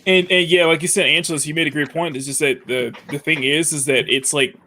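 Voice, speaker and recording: A man's voice: a little high, steady tone, fairly quick, sharp tone, slight background noise. A man co-hosting a live-streamed talk show, reading articles aloud and chatting with frequent restarts. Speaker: co-host. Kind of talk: casual chat on a live stream. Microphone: remote call mic.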